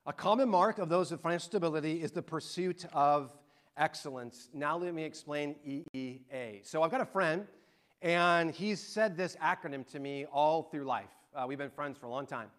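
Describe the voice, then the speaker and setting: A middle-aged man preaching a sermon and telling an animated, excited story to his congregation. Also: fairly high pitch, moderate pace. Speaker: pastor.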